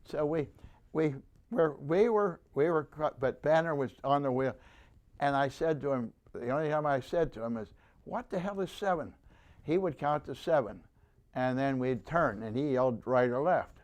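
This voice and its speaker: A man's voice: mid-range voice, moderate pace, a little mellow. A man in his nineties, a veteran, tells a rambling war story with many restarts and acts out the voices of the people he quotes. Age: 90s. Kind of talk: oral history storytelling.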